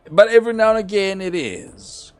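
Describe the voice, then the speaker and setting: A young man chatting through a live game stream, rambling about his play and breaking into sudden excited shouts. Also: sits high, normal speed, clear, resonant tone. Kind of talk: live gameplay commentary.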